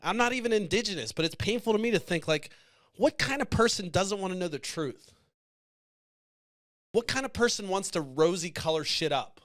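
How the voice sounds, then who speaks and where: A man's voice: sits high, lively intonation, moderate pace, fairly bright tone. A man hosting a podcast, talking in passionate, profane, emotional casual commentary that wanders and restarts. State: choked up. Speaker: podcast host.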